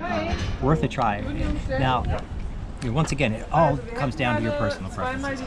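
A man's voice: mid-range voice, huge pitch swings, normal speed, a loud crowd. A man from New York hosting a casual food review, chatty and rambling with many fillers. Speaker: host. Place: pizza restaurant in a city. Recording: noisy city background.

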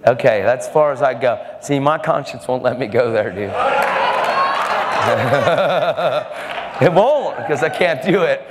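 A man preaching a storytelling sermon, animated, acting out the people in his stories with sudden jumps in pitch. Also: brisk, few pauses, over a noisy crowd, heavy background noise. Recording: long hall reverb, faint music.

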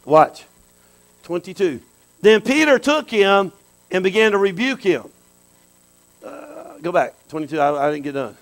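A man preaching a sermon, animated, dropping to quiet asides and rising to shouts. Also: high voice, measured pace, long pauses, rough recording. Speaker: pastor.

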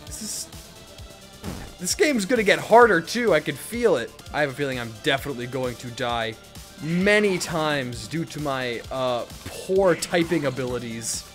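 A man's voice: a little high, expressive, normal speed, fairly bright tone, soft background music. A young man commenting casually on a video game, laughing, joking at himself and swearing. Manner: laughing, self-mocking, swearing. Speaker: gaming streamer. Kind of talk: casual let's play commentary.

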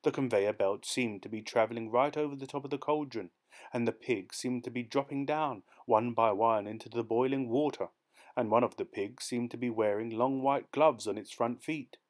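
A man reading a dark short story aloud as an audiobook narrator, in a measured, steady storytelling manner. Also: medium pitch. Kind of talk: scripted narration.

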